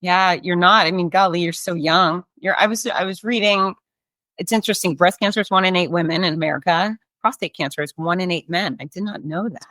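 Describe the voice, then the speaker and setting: A woman's voice: on the low side, fairly even intonation, a little fast, no echo. A woman hosting an interview, chatty and emphatic, sharing her own experiences. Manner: warm-hearted, emphatic, chatty. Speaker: host. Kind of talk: interview conversation.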